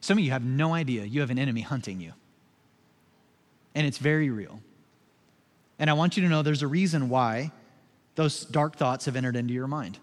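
A man preaching a sermon as pastor, moving from soft, low, slow passages to loud, emphatic ones in a conversational way. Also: in a large hall.

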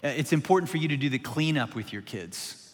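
A man's voice: mid-range voice, animated, a little fast, long reverb tail. A man in his forties, a pastor, telling a candid parenting story in casual chat, self-deprecating and full of restarts. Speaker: pastor and podcast co-host.

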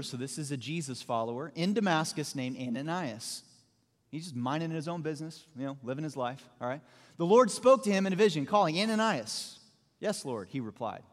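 A man's voice: fairly high pitch, long reverb tail. A man preaching a sermon as pastor, telling a story with acted-out asides and humor.

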